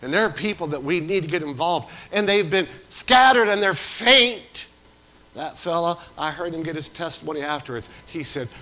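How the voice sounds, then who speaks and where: A man preaching a sermon as pastor, swinging from loud to hushed. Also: fairly high pitch, normal speed, a little hiss or hum, rough recording.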